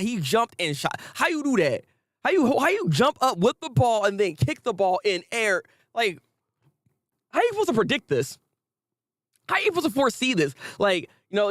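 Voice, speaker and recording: Young male host, excitable and slangy, fairly high voice, dry close sound. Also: no room sound. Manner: hyped, slangy, repeats himself, laughs often. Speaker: anime review host. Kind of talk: casual excited commentary.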